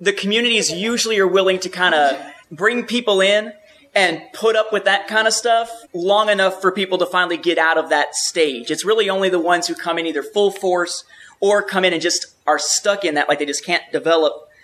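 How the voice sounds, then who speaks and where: A man with a high, bright, forceful voice talks casually. He explains things thoughtfully and at length, with a few restarts along the way. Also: fairly quick. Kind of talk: casual chat.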